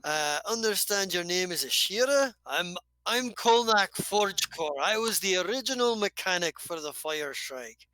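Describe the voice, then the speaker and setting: A game master voicing a friendly, rough-mannered male dwarf mechanic in a tabletop game, folksy and hearty, calling people lass. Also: mid-range voice, expressive, normal speed, hardly any pauses, sharp tone, no room sound, low-quality recording. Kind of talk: tabletop game role-play.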